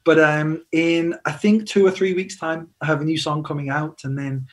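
A chatty young man with an English accent talks about his music over a video call. His voice sits a little high, and he often laughs at himself. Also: steady tone, normal speed. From England. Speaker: musician guest. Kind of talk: casual interview chat over video call.

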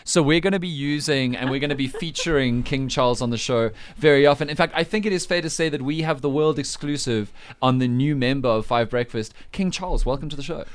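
A man's voice: medium pitch, fairly quick, hardly any pauses, smooth. A man hosting a breakfast radio show, chatty and teasing, laughing often. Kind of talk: casual radio banter.

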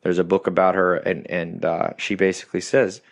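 A man's voice: sits low, little pitch movement, brisk, gravelly, no room sound. A man hosting a podcast, delivering an emphatic motivational monologue in short, punchy phrases that repeat key points. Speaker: podcast host.

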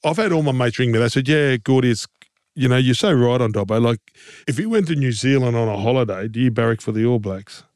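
A man's voice: medium pitch, a little fast, darkish tone, no room sound, studio quality. An Australian man co-hosting a casual sports podcast, talking in a rambling, teasing way full of fillers. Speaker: co-host.

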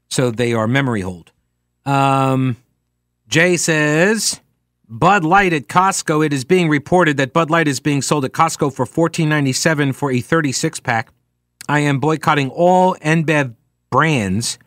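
A man hosts a radio talk show and reads out listener emails, dropping deadpan, sarcastic remarks between them. His voice sits a little high for a man. The studio sound is close and dry. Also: dry recording.

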